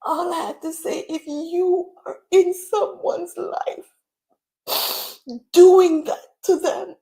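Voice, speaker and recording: Woman livestream host, tearful and preaching, warm and slow. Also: very high voice, steady tone, creaky. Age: adult with children. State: crying at times. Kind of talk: emotional livestream talk.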